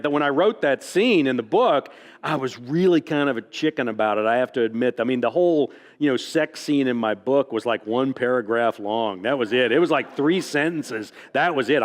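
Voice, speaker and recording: A man, an author at a library event, telling anecdotes to a live audience in a rambling, self-amused way, packed with fillers and chuckles. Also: medium pitch. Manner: breaks into chuckles at his own stories. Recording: long reverb of a large hall.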